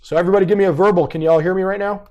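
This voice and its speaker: A man in his thirties teaching a live online class through a computer mic, his voice pitched a little above the usual for a man. He talks casually and directly and keeps checking in with his students. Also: fairly even intonation, very fast, a little mellow, muffled recording. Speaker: behavior profiling instructor.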